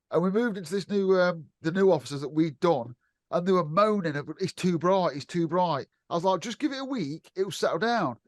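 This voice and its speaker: An outspoken, sweary British man in casual podcast chat, laughing often. His voice sits a little high for a man. The recording is dry and close. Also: no echo. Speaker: electrician podcast co-host.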